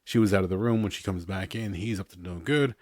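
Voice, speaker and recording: A man's voice: low-pitched, quick pace, darkish tone, no echo, studio quality. A man hosting a podcast in a casual, rambling chat, often chuckling between his remarks. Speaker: podcast host.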